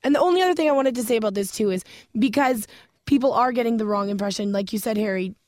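A woman co-hosting a comedy radio talk show, talking quickly and emphatically. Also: fairly high pitch, darkish tone, no echo, studio quality.

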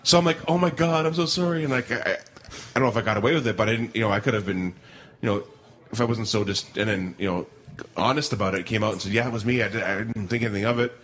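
A man's voice: on the low side, racing, a bit bright. A middle-aged man co-hosting a podcast, telling a rambling story with lots of restarts and laughter in casual chat. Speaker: podcast co-host.

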